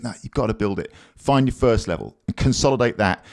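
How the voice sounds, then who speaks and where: A man's voice: medium pitch, quick pace, few pauses, darkish tone. A man teaching drums, plain-spoken and encouraging, with blunt asides. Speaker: drum teacher. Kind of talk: drum lesson, counting aloud over playing.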